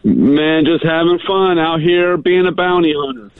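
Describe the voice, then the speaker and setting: A man's voice: on the high side, unhurried, clean tone, dry recording. A man calling in from outdoors in a parking lot, telling a wry story over a tinny phone line. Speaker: caller. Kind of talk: casual phone chat.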